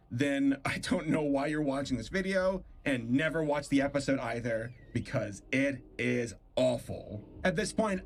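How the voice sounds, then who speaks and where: A man streaming, reacting to a cartoon in casual, animated commentary. He sounds incredulous and disgusted and laughs often, in a voice a little higher than most men's. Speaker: streamer reviewing a cartoon episode.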